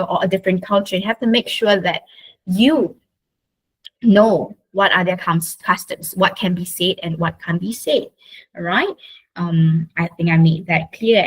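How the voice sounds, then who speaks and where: Woman, workshop speaker, mid pitch, online call, tag questions, restarts. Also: rough recording. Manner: checks in often with tag questions; frequent restarts and fillers. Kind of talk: online teaching talk.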